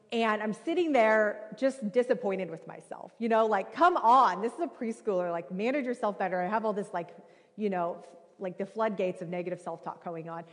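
Woman preacher, 30s, chatty sermon storytelling, mid-pitched, long hall reverb. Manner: animated, conversational, many fillers.

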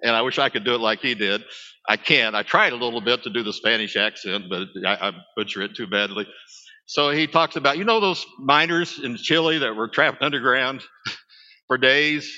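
A man's voice: mid-range voice, moderate pace, bright, forceful tone, big-room sound, dull audio. A man, preaching a sermon as a pastor, talking conversationally with asides to his congregation.

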